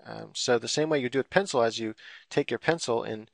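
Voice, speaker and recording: A man's voice: medium pitch, a little fast, creaky, no room sound, studio quality. A man giving a casual, rambling drawing tutorial while he works on screen, full of fillers and loose explanations. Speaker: drawing instructor.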